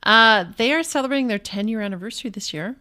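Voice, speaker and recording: A young adult woman co-hosts a casual podcast, sharing event news in an easygoing, chatty way, laughing often and filling pauses with ums. Her voice is fairly high-pitched, pushed, and bright.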